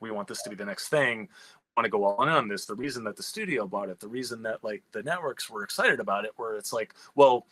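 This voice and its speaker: A man with a bright, forceful voice tells a story in a fast, profane ramble, stopping and restarting his sentences. The sound is dry and close, with no room echo. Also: mid-range voice. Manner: animated, profane, many restarts. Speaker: screenwriter and comic writer. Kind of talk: candid conversational storytelling.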